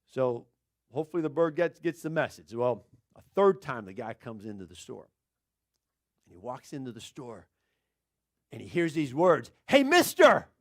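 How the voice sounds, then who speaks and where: A male pastor preaching a sermon, telling a story in an animated, chuckling way. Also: mid-range voice, normal speed, pauses often.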